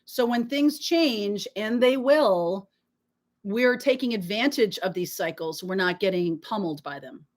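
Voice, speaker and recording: Hosting a live tarot stream, a woman speaks to her viewers in a reassuring, emphatic manner, sprinkling in "okay?" often. Her medium-pitched voice has lively intonation and an unhurried pace, though a sore throat has her clearing it frequently.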